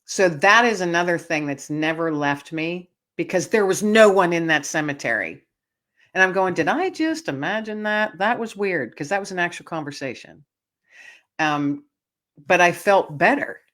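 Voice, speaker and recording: This is a woman with a low-pitched voice, speaking as a guest in an interview. She tells a personal story in an animated way, laughs often, and stops to restart her sentences with fillers. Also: moderate pace. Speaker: guest author.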